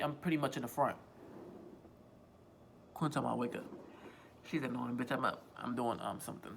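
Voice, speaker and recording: A man's voice: medium pitch, a bit bright, slight background noise. A man vlogging a casual storytime on a phone, rambling, repeating himself and swearing freely. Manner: rambling, profane, self-repeating.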